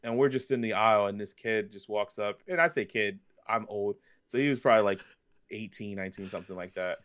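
A man in his thirties chats on a podcast with a somewhat low voice. He tells stories in a loose, rambling way, full of fillers and restarts. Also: fairly quick. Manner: rambling, animated storyteller with many fillers. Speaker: podcast co-host. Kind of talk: casual chat.

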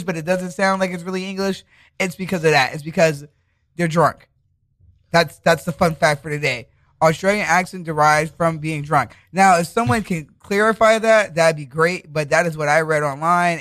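A man's voice: a little high, pushed and bright, dry recording. A man co-hosting a casual radio talk show, brash and joking, swearing freely. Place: radio studio.

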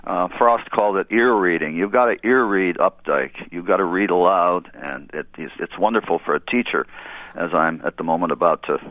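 A man who teaches literature, speaking on a radio panel in a halting, emphatic way, repeating words as he searches. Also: low voice, no echo. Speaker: literary scholar guest. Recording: tinny phone line.

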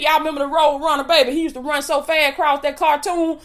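A woman's voice: high voice, fairly even intonation, fast talker. A woman preaching an impassioned video sermon in a folksy, rhythmic way, calling out "come on now" and "baby" and whooping between phrases.

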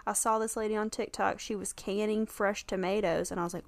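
A woman's voice: medium pitch, fairly even intonation, fairly quick, vocal fry. A woman from North Carolina with a Southern accent, co-hosting a podcast in casual chat, with wry, blunt reactions and retold exchanges. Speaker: podcast co-host.

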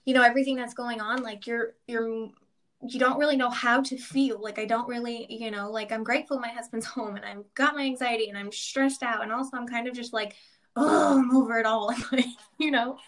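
A woman co-host with a fairly high, bright voice chats in a halting way. She leans heavily on fillers as she talks. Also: steady tone. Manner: chatty, halting, many fillers. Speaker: podcast co-host. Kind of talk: casual chat.

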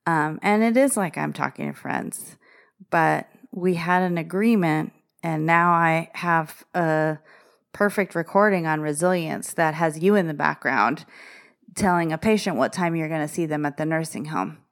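Deep and marked by vocal fry, the voice belongs to a forties-aged woman hosting a casual solo podcast at a normal pace. Her manner is self-deprecating, and laughter comes often.

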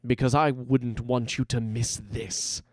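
A man's voice: mid-range voice, level tone, a little mellow, no echo, studio quality, close to an everyday voice. A man voicing Silas, a sly rebel mage. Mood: menacing. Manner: slow, sly and menacing. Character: cruel charismatic male rebel mage leader.

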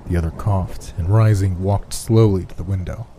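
Male horror story narrator, very deep, dark and husky, somber reading. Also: expressive, a little fast, few pauses, slight background noise.

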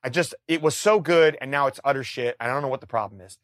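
A middle-aged man, a musician guest, telling a story in a casual, animated way, swearing freely and restarting his sentences. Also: mid-range voice, fast, no room sound, studio quality. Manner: animated, profane, frequent restarts.

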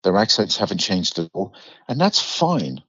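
Man, London accent, podcast guest, lively storyteller, lowish voice, slightly muffled dry sound. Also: normal speed, slightly rough, no room sound. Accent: London English. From England. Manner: animated storyteller, swears freely, acts out quotes. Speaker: guest actor. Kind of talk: casual podcast interview.

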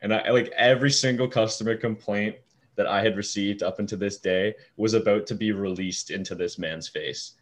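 A young man with a deep voice telling a story in casual talk, swearing freely and acting out what people said. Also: normal speed. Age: young adult. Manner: animated storyteller, swears freely, acts out quoted lines. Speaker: fast-food shift manager.

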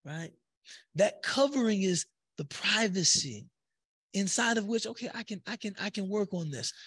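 A man's voice: high-pitched, a bit bright, slightly rough, dry recording. A man teaching a spiritual text in a conversational way, with many fillers and tag questions. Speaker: religious teacher.

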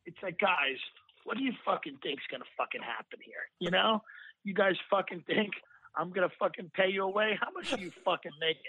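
A man's voice: sits high, lively intonation, fairly quick, slight background noise. A man co-hosting a podcast in casual comedic chat, riffing into profane rants. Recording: thin phone-like line, dry.

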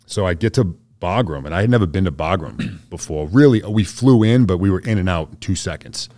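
A man's voice: deep voice, lively intonation, fairly quick, dark tone, dry recording. A man, a soldier guest on a podcast, telling a story in a laid-back, slangy way and acting out what others said. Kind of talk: casual storytelling interview.

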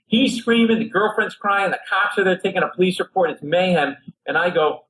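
A man's voice: high voice, a little fast, rough recording. A middle-aged man from Rhode Island, a comedian telling a long story on a talk show and acting out the people in it. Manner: animated, acts out characters in his stories. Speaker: comedian guest.

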